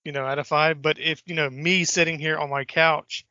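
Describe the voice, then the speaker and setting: A man co-hosting a podcast in casual chat, animated and acting out film lines. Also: moderate pace, no room sound. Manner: animated, acts out movie lines in a high voice. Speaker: podcast co-host. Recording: dull lo-fi podcast audio.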